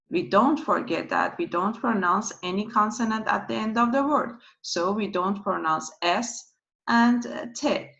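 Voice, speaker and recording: A woman giving a slow pronunciation lesson, who repeats each sound patiently several times. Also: mid-range voice, expressive, fairly bright tone. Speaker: language teacher. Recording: dull lo-fi recording.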